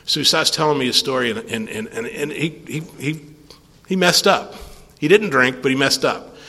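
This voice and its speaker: An older man speaking at a recovery meeting, telling a rambling, animated story and acting out the conversations in it. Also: mid-range voice, moderate pace, breathy edge. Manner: rambling, animated storyteller who acts out dialogue. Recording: long hall reverb.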